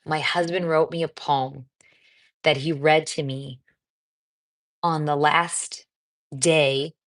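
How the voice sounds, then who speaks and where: A woman's voice: low-pitched, steady tone, slow. A middle-aged American woman hosting a livestream as a cancer coach, reading viewer comments and talking in a chatty, encouraging way with lots of fillers. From United States.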